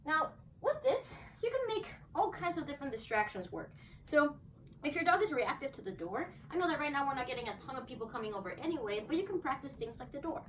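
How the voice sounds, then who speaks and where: Very animated and fast, a woman with a high, fairly bright voice explains a training demo at home and cheers on her dogs in upbeat bursts. She is recorded from a distance with faint background noise.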